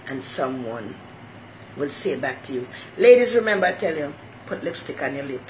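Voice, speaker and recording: A woman's voice: a bass voice, lively intonation, moderate pace, a little hiss or hum, rough recording. A woman hosting her own talk show, giving folksy motherly advice and greeting viewers by name. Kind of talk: casual live-stream monologue.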